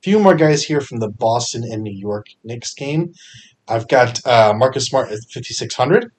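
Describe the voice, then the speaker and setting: A young man with a husky, mid-range voice hosts a casual solo fantasy sports podcast, sharing his picks at normal speed. He talks loosely, with energetic bursts and frequent fillers.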